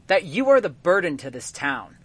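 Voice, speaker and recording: A man voicing a contemptuous villainous woman in a tabletop game, speaking slowly and mockingly. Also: a little high, very animated, fairly bright tone, husky, exaggerated voice. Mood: scornful. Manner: contemptuous, slow lecturing.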